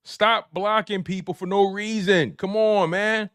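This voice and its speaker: A man's voice: high voice, fairly even intonation, unhurried, a bit bright, clean tone, no room sound, clean studio sound. A man hosting a live sports stream, delivering a repetitive, preachy rant in heavy slang. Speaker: sports show host.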